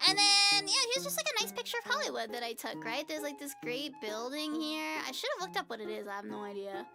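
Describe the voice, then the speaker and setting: A woman with a very high, bright-toned voice narrates her travel vlog. Her pitch bounces widely as she rambles through asides, fillers and jokes in a casual, chatty way. Music plays clearly underneath her voice-over. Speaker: travel vlogger.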